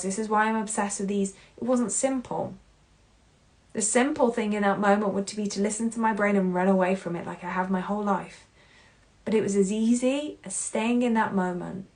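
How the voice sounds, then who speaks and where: A woman hosting a solo podcast, talking in an earnest, heartfelt way that swings between loud and hushed. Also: medium pitch. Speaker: podcast host.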